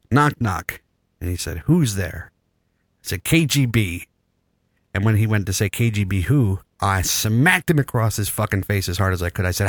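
A man's voice: deep voice, no room sound, studio quality. A man in his thirties hosting a podcast, telling a long story with crude jokes in casual chat. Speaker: podcast host.

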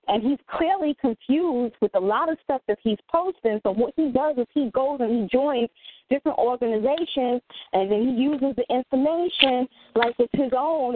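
Animated high-voiced woman on a phone line. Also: no room sound. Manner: animated, indignant storytelling. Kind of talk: casual talk show discussion. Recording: tinny phone-like line, dry.

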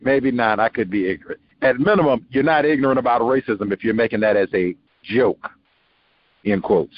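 A man's voice: medium pitch, moderate pace. A man hosting a radio talk show, musing in a rambling way and breaking into quoted voices with small laughs. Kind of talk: conversational call-in radio commentary. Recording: muffled radio broadcast with faint noise.

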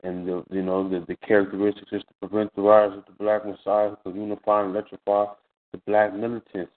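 A man with a fairly low voice talks in an unhurried, measured way, often stopping to check in with "you know". The line is narrow and phone-like, as on call-in radio. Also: completely flat delivery. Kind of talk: casual radio talk.

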